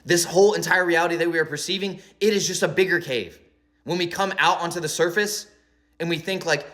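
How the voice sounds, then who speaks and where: Emphatic rambling man, bright voice. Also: a little high, a little fast. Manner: rambling, emphatic, many "like" and "right?". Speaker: spiritual commentator. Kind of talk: philosophical monologue.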